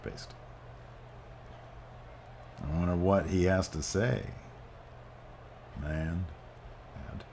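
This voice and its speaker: A man hosting a gaming channel, giving excited play-by-play over a wrestling game with loud exclamations and quiet mutters. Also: deep voice, very slow, vocal fry, long pauses, slight background noise.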